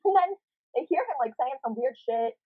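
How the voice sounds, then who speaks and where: A high, lively woman tells a story, her voice bouncing up and down as she giggles and swears her way through it. She sounds breathy and husky. The audio comes through a thin, tinny video-call line. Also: normal speed. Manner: giggly, animated, swears freely. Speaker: guest storyteller. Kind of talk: casual anecdote telling.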